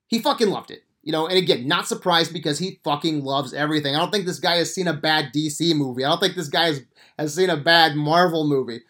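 A man's voice: fairly high pitch, quick pace, sharp tone. A man hosting a podcast, reviewing a movie in a casual, rambling way with lots of swearing and enthusiasm. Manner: profane, enthusiastic, rambling with fillers. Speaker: podcast host.

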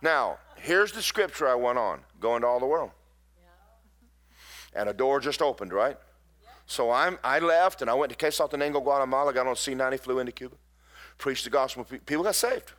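A man's voice: mid-range voice, expressive, brisk, fairly bright tone. A middle-aged man, a pastor preaching a sermon in folksy storytelling with emphatic bursts.

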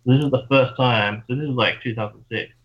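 A man's voice: medium pitch, fairly quick, a bit bright, breathy edge. A man with an Australian accent telling long, rambling, profane stories in casual chat. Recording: dull lo-fi sound.

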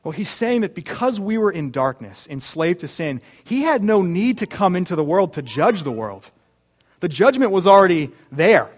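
Male pastor, earnest sermon delivery, slightly high-pitched voice, rhetorical asides. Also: big pitch swings, moderate pace. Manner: earnest, with rhetorical questions and restarts.

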